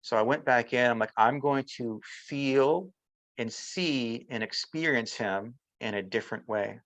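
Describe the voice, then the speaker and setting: A man's voice: medium pitch, measured pace, a bit bright, dry recording, rough recording. A man as an interview guest, telling a personal story in casual chat and voicing the people he quotes. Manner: storytelling, often acting out quotes of others.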